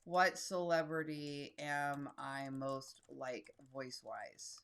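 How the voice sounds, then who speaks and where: A woman's voice: deep voice, fairly even intonation, slow, a bit bright, clean tone. Direct, blunt woman in her fifties. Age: 50s. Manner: direct, blunt and chatty, reads text aloud as she types. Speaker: solo creator and YouTube host. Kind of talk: casual screen-share tutorial.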